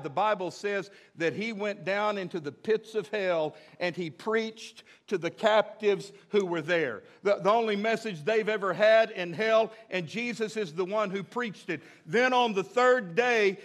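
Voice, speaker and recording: Delivering a forceful-in-emphasis sermon, this pastor has a high voice for a man with a slightly bright tone. He hammers and repeats his main phrases, alternating long, stretched lines with rapid bursts.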